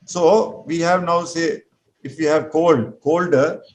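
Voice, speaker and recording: Male English teacher, somewhat high voice, patient, slow and repetitive drilling. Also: steady tone, poor audio. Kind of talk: classroom grammar lesson.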